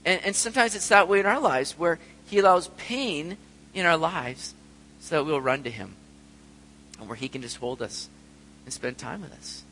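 A man's voice: fairly high pitch, expressive, moderate pace, bright, forceful tone, long reverb tail, slight background noise, low-quality recording. A middle-aged man preaching a sermon in an earnest way, sometimes acting out prayers and voices. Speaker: pastor.

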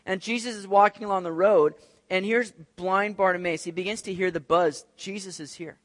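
A male pastor reading scripture aloud and preaching an expressive sermon. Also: high voice, brisk, dry recording. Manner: expressive, acts out quoted voices.

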